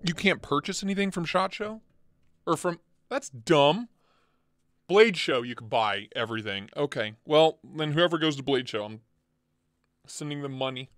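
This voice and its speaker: A casual, blunt man hosting a chat stream, excitable and quick to swear, sounding tired. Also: on the high side, no echo. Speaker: channel host.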